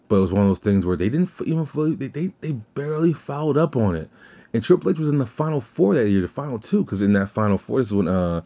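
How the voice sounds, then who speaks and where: Low-voiced man rambling in casual chat. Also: mellow. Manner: rambling, profane, many restarts. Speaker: podcast host. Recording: slightly dull lo-fi sound.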